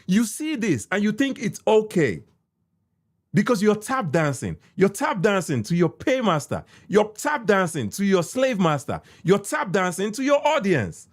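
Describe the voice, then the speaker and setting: A Nigerian man with a Nigerian accent, a podcast host giving heated, repetitive commentary that swings from shouts to muttered asides. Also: sits high, huge pitch swings, measured pace.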